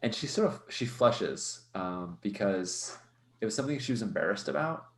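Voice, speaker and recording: A man with a very low voice narrating his character in a tabletop game, rambling and hesitant as he goes. His voice echoes in the room around him. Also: lively intonation, normal speed. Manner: rambling, hesitant, many fillers. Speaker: player.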